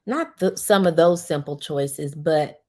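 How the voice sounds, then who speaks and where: A middle-aged woman hosting a podcast, speaking slowly and reflectively with many pauses, and at times tearful. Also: deep voice, darkish tone. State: tearful at moments. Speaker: podcast host. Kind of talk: personal monologue.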